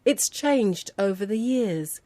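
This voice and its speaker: A woman from London hosting a scripted educational programme, speaking in a clear, measured way. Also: medium pitch, animated, dark tone, no echo. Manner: clear, measured, quizzing her co-host. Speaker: host.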